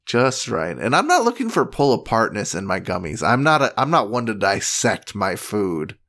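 A man's voice: on the low side, very animated, moderate pace, a bit bright. A man co-hosting a podcast, chatting casually and reading product reviews aloud in a wry, mock-earnest way. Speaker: podcast co-host.

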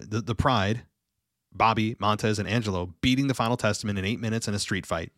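Opinionated male reviewer, slightly low voice, casual rambling delivery, dry room. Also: a bit bright, no room sound. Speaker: wrestling show reviewer. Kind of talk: casual commentary.

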